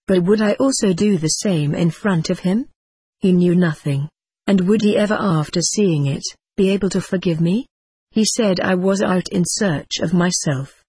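A storyteller with a husky, breathy voice reads a translated first-person tale in an even, slightly stiff way. The sound is dry and close, with no room around it. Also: medium pitch, no room sound. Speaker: narrator.

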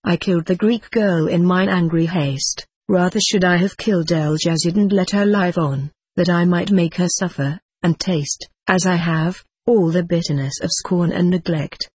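Reader putting on a bitter proud queen, husky voice, slow old-fashioned brooding talk. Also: mid-range voice, fairly even intonation, a little mellow, no room sound, lightly acted. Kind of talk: audiobook character reading.

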